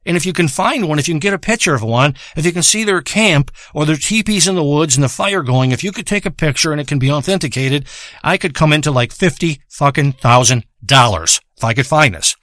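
Rambling foul-mouthed man, fairly high voice. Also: brisk, a bit bright, no room sound. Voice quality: profane, rambling, loses his thread. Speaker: storyteller. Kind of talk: rambling crude comedic monologue. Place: home in a rural area.

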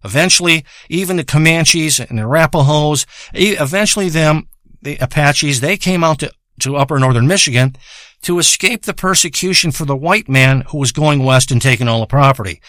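A man's voice: on the high side, a little fast, fairly bright tone, dry recording. A man telling a long, crude comic story, swearing constantly and wandering off his thread as he goes. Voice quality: profane, rambling, loses his thread. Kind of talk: rambling crude comedic monologue. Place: home in a rural area.

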